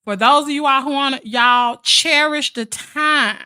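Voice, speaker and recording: A high-voiced woman chats to her live viewers in a sassy, familiar way. Her tone is bright and sharp, and her voice sounds dry and close with no room around it. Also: measured pace, no room sound. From Mississippi, USA. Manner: chatty and sassy, calls viewers "child" and "honey". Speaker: live stream host. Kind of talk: casual live chat with viewers.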